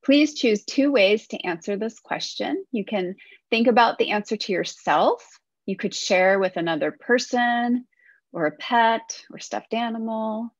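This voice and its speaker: A woman teacher giving a gentle, encouraging lesson to children. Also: medium pitch, no echo. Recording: dull, dry sound.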